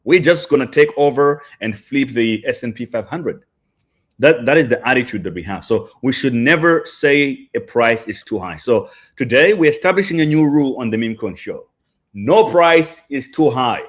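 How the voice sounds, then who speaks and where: A man's voice: medium pitch, normal speed. Hyped male crypto show host. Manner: hyped, animated, slangy. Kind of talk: casual livestream chat.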